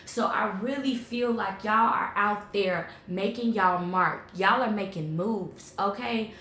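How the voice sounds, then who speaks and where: A woman giving a tarot reading in an animated, emphatic, slangy way, checking in often with her viewers. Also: medium pitch, takes it slowly, roomy sound. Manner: animated, emphatic, slangy and conversational with repeated "okay?". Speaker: tarot reader.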